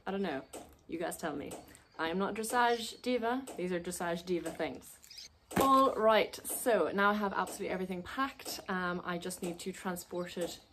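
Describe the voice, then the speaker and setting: A woman's voice: fairly low pitch, expressive, moderate pace, background noise. A young woman from Ireland with an Irish accent, giving a chatty, upbeat vlog walkthrough. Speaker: vlogger.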